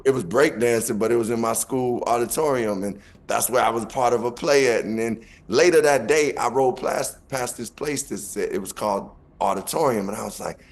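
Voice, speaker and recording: Chicago-accented male rapper, mid-pitched, lively storyteller who acts out the dialogue. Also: a little fast, few pauses. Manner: acts out quotes, laughing, back-and-forth. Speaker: guest rapper. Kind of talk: animated storytelling.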